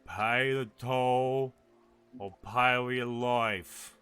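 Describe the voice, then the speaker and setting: A man voicing a hulking male ogre who makes slow, booming, menacing demands. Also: steady tone, fairly bright tone, clean tone, soft background music.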